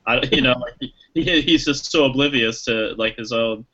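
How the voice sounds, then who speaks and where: A man's voice: mid-range voice, normal speed, bright, forceful tone, highs cut off. A man chatting casually about a movie as a podcast co-host, rambling with lots of restarts and fillers and acting out lines he quotes. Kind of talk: casual movie review chat.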